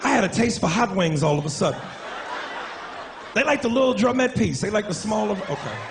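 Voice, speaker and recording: A man doing a crude, animated stand-up comedy set on a club stage with a handheld mic. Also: sits high, brisk. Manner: crude, animated, profane jokes. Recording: noisy live club recording. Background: audience laughter.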